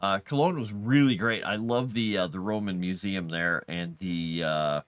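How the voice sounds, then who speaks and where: A man's voice: sits low, normal speed, a bit bright, no room sound, clean studio sound. A man casually chatting on a live stream, talking about his world-building and reading messages from viewers. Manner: chatty, talks to his cat and reads chat.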